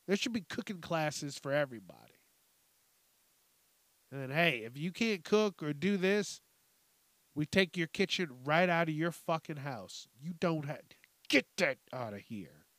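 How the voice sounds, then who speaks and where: Podcast host, young man, profane animated rant, slightly high voice, dry close sound. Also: measured pace, no echo. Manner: profane, animated ranting with mocking impressions. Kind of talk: casual ranting commentary.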